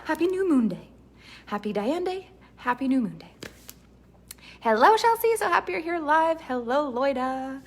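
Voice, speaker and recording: A woman's voice: high-pitched, expressive, moderate pace. A woman mentor leading a live online training, greeting viewers by name and then teaching earnestly with lots of repetition. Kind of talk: live-stream coaching talk.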